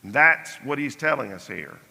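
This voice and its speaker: An older man teaches a Sunday Bible class, slow and measured, and his voice drops soft on the key phrases. His tone is bright and sharp-edged and sits a little high for a man. The sound carries a long church-hall reverb. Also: animated, gravelly.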